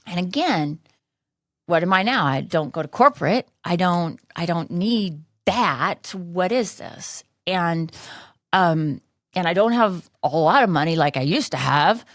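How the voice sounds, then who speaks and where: A woman's voice: lowish voice, expressive, unhurried, dry recording, studio quality. A woman in her fifties hosting a podcast, telling a candid personal story in a rambling way with many restarts and fillers. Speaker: podcast host.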